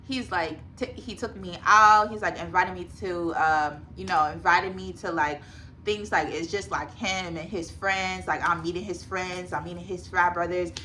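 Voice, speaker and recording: Young woman, casual storytime vlog, chatty with lots of fillers, bright voice, faint room hum behind. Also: on the low side, fairly even intonation, normal speed. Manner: chatty, addresses viewers as y'all, many fillers. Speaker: vlogger.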